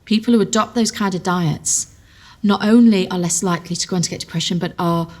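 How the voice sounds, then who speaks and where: A woman nutritional therapist explaining dietary fats clearly, using everyday examples. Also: on the low side, a little fast. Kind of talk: explanatory talk.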